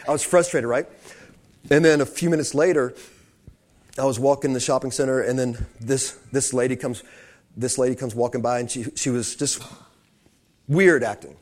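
A man's voice: mid-range voice, fairly even intonation, moderate pace, long pauses, a little mellow. A man preaching a sermon, telling stories with many restarts and building to fervent emphasis. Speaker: pastor.

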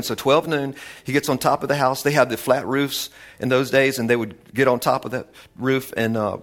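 A male Bible teacher in a relaxed study session, reading scripture aloud and breaking off for eager, conversational asides. His pitch sits in an ordinary middle range. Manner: chatty and enthusiastic, with asides.

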